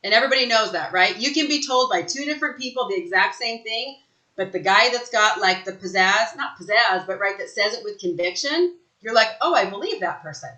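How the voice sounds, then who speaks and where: A woman giving an energetic sales training talk, emphatic and fond of asking "right?" after her points. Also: medium pitch, brisk, echoey room, poor audio. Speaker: real estate sales trainer. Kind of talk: live online training talk.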